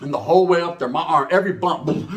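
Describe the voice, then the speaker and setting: A man's voice: fairly high pitch, highs cut off. A man from California, telling a comedic street story with heavy slang and acting out every character. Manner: animated, acts out voices, heavy Chicano slang. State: out of breath.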